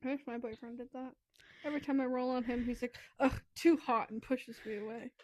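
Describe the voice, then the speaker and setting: A woman's voice: on the high side, steady tone, quick pace, darkish tone, no echo. A woman co-hosting a casual book podcast, blunt and swearing freely, often laughing. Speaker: podcast co-host.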